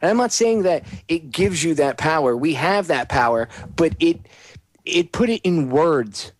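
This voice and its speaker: A man's voice: fairly high pitch, lively intonation, unhurried, dry recording. Heated ranting male radio host. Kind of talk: talk radio monologue.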